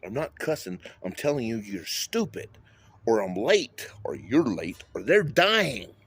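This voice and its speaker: A man's voice: on the low side, very animated, a little slow, breathy edge. A man talking in a rambling monologue, drifting between topics and swearing often. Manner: rambling, wandering, with frequent swearing.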